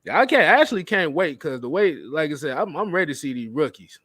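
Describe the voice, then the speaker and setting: Male co-host, casual talker, lively and laughing, high bright tone. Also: quick pace, dry recording. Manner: laughing often, acts out quotes. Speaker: podcast co-host. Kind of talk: casual chat.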